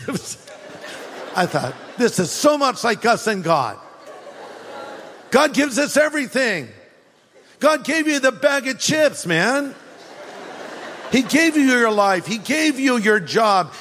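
An older man preaches a sermon in a fairly high voice. He moves between animated storytelling, wry sarcasm and firm repetition. His words ring out with a long reverb, as if he is recorded in a large hall. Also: slight background noise. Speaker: pastor.

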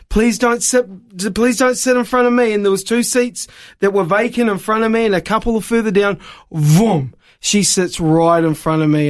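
Upbeat New man, high voice, animated self-mocking raconteur. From New Zealand. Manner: lively, self-mocking storyteller. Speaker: evangelist guest. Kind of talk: animated storytelling.

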